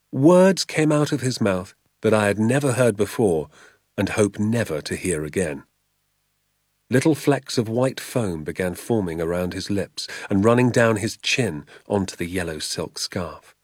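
Low-voiced man narrating a storybook. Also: slightly rough, no room sound, clean studio sound. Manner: measured, expressive reading. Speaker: audiobook narrator.

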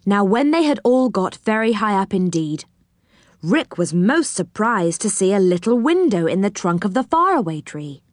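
A woman narrating a children's storybook in a gentle, expressive manner. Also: mid-range voice, moderate pace, no echo, studio quality.

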